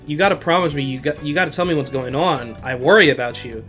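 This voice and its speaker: A worried young schoolgirl, as a man plays her, casual and pleading. The voice sits a little high. Soft guitar plays in the background. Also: fast talker, natural voice. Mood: concerned.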